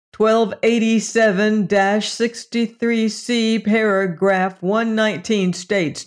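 Stern by-the-book man, read by a storyteller, reproachful, deliberate slow recitation. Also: mid-range voice, lightly acted. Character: stern rule-quoting man. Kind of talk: audiobook reading.

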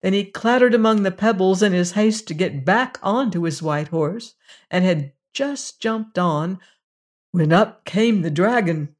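A storyteller reading a fairy tale aloud in a gentle, measured way, as host of a weekly reading. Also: medium pitch.

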